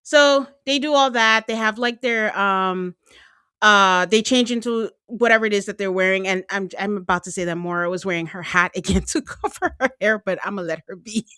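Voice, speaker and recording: A woman's voice: mid-range voice, moderate pace, pushed and bright, clean tone, no room sound, clean studio sound. A woman hosting a podcast, chatting casually through a reality-show recap and laughing often. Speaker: podcast host.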